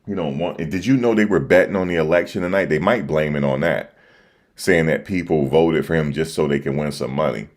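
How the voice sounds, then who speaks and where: Speaking through a desk microphone, a man with an East Coast accent hosts a casual livestream, reacting to election results. His voice rumbles low and moves briskly, and his chat is slangy and repetitive.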